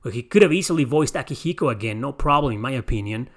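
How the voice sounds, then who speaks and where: A fast-talking young man with a medium-pitched, lively voice hosts a podcast where he casually reviews a game remake. He rambles through his opinions and keeps correcting himself mid-sentence.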